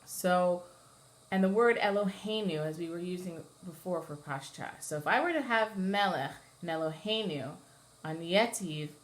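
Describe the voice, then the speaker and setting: A woman with a fairly low voice speaks at a normal pace. She is a cantor teaching a Torah chanting class, explaining things patiently and singing short chanted examples as part of the lesson.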